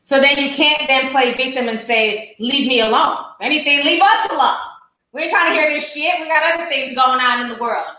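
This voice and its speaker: Gossipy woman doing commentary on a video, high bright voice, laughs a lot, echoey room. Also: fairly quick. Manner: animated, laughing, gossipy and profane. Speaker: commentary vlogger. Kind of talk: casual commentary chat.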